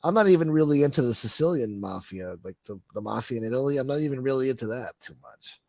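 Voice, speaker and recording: A man's voice: medium pitch, lively intonation, fast talker, gravelly, darkish tone, no room sound. A man hosting a casual livestream, reading viewer comments and ranting in a profane, sarcastic way. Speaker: livestream host.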